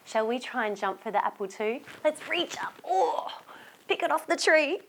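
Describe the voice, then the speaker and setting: A woman from Australia reading a storybook aloud to young children, animated and inviting them to join in. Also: high voice, moderate pace.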